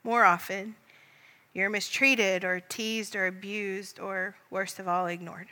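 Calm woman leading a guided prayer. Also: medium pitch, takes it slowly, in a large hall. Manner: gentle, calm, speaks to the listener as "you". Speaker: prayer leader. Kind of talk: guided Christian imaginative prayer meditation.

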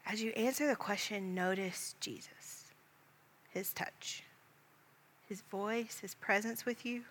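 A woman leading a guided Christian prayer meditation in a gentle, calm voice, speaking directly to the listener as "you". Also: medium pitch, slow, husky, long reverb tail. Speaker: prayer leader.

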